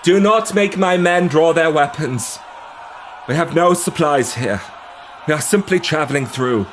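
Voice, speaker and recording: A woman's voice: deep voice, expressive, unhurried, a little hiss or hum, voice pushed up. A man voicing a firm woman ship captain who commands a crowd to back off. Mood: commanding.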